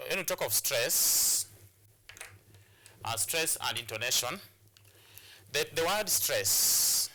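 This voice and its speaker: Kenyan guy teaching on tv, very bright voice, lots of uh and repeats. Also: mid-range voice. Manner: repetitive, hesitant with many fillers. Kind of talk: televised classroom lesson.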